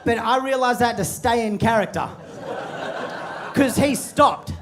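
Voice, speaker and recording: A man's voice: very high-pitched, expressive, unhurried, a crowd in the background. A man performing a stand-up story at a comedy club, acting out his own reactions as he goes. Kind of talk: live stand-up set. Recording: live club with audience noise.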